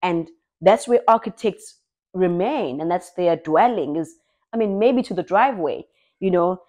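A young South African woman telling her own story in an expressive, lively way, as a personal vlog. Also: fairly low pitch, measured pace. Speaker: vlogger.

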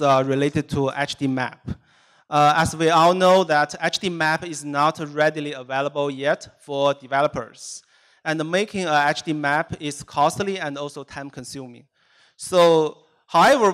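Clear-voiced man giving a tech talk. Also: fairly high pitch. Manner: steady, methodical explaining. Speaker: software engineer presenting at a tech meetup. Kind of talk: technical presentation. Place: meetup presentation room.

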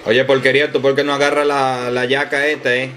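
A man's voice: medium pitch, little pitch movement, quick pace, pitched below the performer's own voice, lightly acted. A man voicing a crude, hot-headed male gamer who curses his teammates in a put-on Latin American Spanish. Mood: threatening, cursing. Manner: cursing, insulting teammates in Spanish slang.

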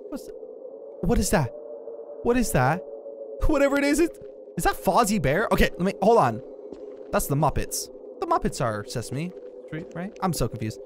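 A young man commenting on a horror game in a goofy, jokey way, with loud outbursts, over game music. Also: high-pitched, sing-song, normal speed, long pauses, background noise. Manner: goofy, jokey, breaks into shouts and silly singing. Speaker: gaming YouTuber.

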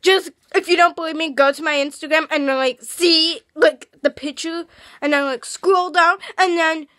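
A young woman vlogging in casual chat, rambling with restarts and gushing with excitement. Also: very high voice, normal speed, no room sound. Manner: excitable, gushing, shrieks when thrilled.

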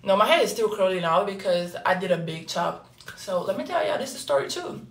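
A woman's voice: medium pitch, big pitch swings, brisk, distant mic. Brazilian-accented young woman chatting on a livestream. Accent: Brazilian Portuguese. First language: Portuguese. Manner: loose slangy storytelling, swinging loud to murmured. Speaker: livestreamer reading chat. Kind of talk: casual livestream chat. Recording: echoey room with faint music.

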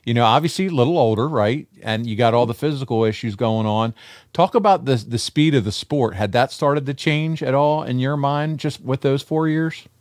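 A man's voice: medium pitch, normal speed, darkish tone, no echo, clean studio sound. A man co-hosting a podcast, reacting emphatically and then asking long open questions in casual interview style. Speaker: podcast co-host.

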